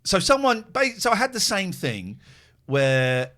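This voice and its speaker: A man's voice: high voice, big pitch swings, measured pace, pushed and bright. A man hosting a podcast, telling exasperated, rambling anecdotes in casual chat. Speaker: podcast host.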